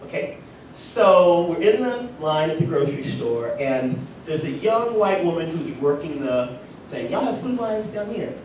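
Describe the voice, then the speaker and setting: Man telling stories in an echoey hall. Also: measured pace. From rural North Carolina. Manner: animated, warm asides to the audience. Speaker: conference speaker. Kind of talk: personal storytelling speech. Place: conference hall. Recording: echoey hall from far off, faint rumble.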